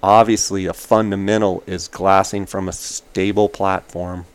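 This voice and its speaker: A man with a fairly low voice gives hunting tips in casual chat. He talks emphatically and hammers each point home with repeated short phrases. Now and then he acts out quoted exchanges with a lifted voice. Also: flat delivery, a little slow, clear, resonant tone. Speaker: hunting podcast host.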